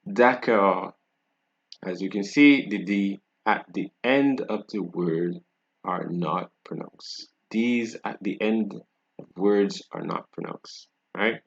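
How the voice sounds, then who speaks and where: Barbadian man, French teacher, slow-paced, low voice, dull lo-fi recording. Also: a bit bright. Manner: explains patiently, with frequent tag questions. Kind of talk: casual video lesson.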